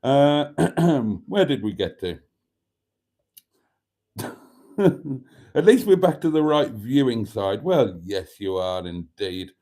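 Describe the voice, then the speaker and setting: Guy reading viewer comments on a phone live stream, theatrical, calls everyone darlings, pitch swoops all over. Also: very animated, slow pace, pauses often, mellow. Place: at a table indoors. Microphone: phone camera.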